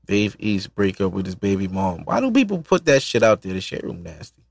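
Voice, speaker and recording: A man's voice: low voice, big pitch swings, fairly quick, vocal fry, dry recording. Male solo podcast host, casual and profane, rambling talk, dry close sound. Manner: loose, profane, rambling, laughs often.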